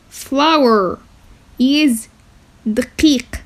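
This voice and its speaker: Woman, language teacher, slow careful delivery, slightly high voice, repeats each word. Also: a little mellow. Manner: repeats words slowly, checks in with "okay?". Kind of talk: slow vocabulary lesson with repetition.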